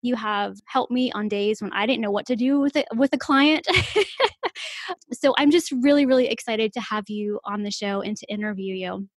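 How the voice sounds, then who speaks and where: A woman's voice: mid-range voice, a little fast, few pauses, no echo, studio quality. A woman hosting a podcast about therapy, chatty and effusive, laughing often as she talks. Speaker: podcast host. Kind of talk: podcast interview.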